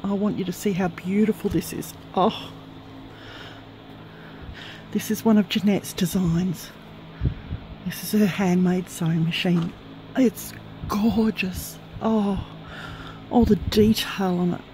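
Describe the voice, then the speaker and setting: A woman crafter filming a gift unboxing at home on a handheld camera, tearful and trembling, gushing softly with many breathy sighs. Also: mid-range voice, steady tone, slow pace, pauses often, a little hiss or hum, rough recording. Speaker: craft vlogger. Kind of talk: emotional gift-unboxing vlog. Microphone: handheld camera, shaking.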